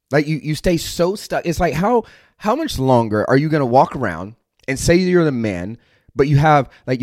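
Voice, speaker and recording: A man's voice: medium pitch, no room sound, studio quality. A middle-aged American man hosting a podcast, delivering a blunt, aggressive motivational monologue full of profanity. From United States. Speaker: podcast host.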